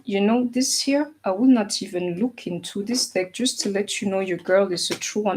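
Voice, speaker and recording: A woman's voice: mid-range voice, normal speed, a little mellow, slight background noise, low-quality recording. A woman giving a casual tarot reading, talking earnestly and emphatically to an absent partner, with many "you know"s and "like"s. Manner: speaks directly to an absent partner. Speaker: tarot reader.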